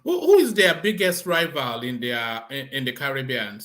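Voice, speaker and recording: A man hosting a casual interview, curious and asking quick follow-up questions. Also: mid-range voice, very animated, fairly bright tone. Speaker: host.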